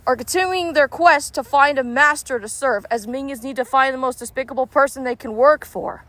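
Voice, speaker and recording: A woman's voice: high-pitched, normal speed. A woman gaming vlogger chatting casually and speculating aloud while she plays. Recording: loud background noise.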